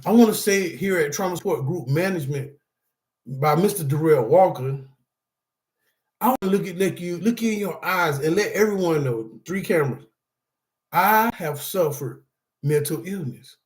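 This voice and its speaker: A man's voice: fairly high pitch, expressive, normal speed, echoey room. A man hosting a support-group talk to camera, part preaching, part casual chat, who laughs often and calls his viewers y'all.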